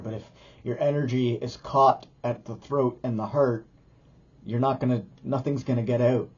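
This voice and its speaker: Husky-voiced man, loose rambling talk. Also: mid-range voice, a little mellow, highs cut off. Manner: loose, rambling, restarts mid-sentence. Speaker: yoga teacher and video creator. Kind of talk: casual talk to camera.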